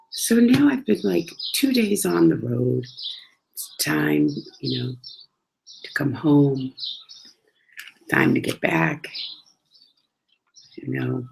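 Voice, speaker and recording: A woman chatting casually about her travels, animated and acting out the dialogue as she tells each story. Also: extremely low pitch, slow pace, gravelly, pauses often, background noise.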